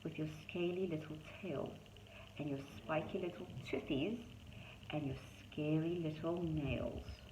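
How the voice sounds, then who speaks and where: A woman's voice: low-pitched, steady tone, measured pace, noisy background. A woman voicing a big, dim mother tyrannosaurus who croons to her eggs, in a storybook reading. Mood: crooning. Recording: dull echoey room.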